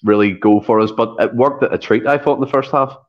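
A man co-hosting a fan podcast, chatting quickly about football and teasing his co-host. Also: mid-range voice, muffled recording. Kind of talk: casual football chat.

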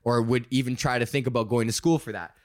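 A young man hosting a casual solo podcast, rambling and swearing as he pitches ideas and laughs at his own jokes. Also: fairly even intonation, fast, no room sound, clean studio sound. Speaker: podcast host.

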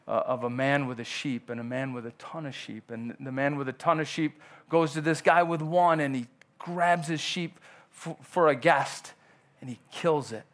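A man's voice: fairly high pitch, a bit bright. A male pastor delivering a conversational sermon in church, often acting out quoted dialogue.

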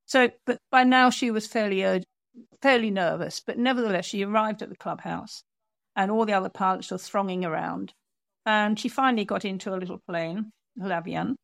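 A woman author telling an animated story in an interview, acting out the people she quotes. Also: mid-range voice, moderate pace, creaky, dry recording. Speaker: author and guest.

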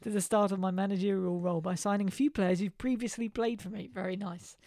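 A man's voice: sits high, steady tone, quick pace, darkish tone, no room sound. A man co-hosting a podcast in casual chat, reading listener letters aloud with dry humour. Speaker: podcast co-host.

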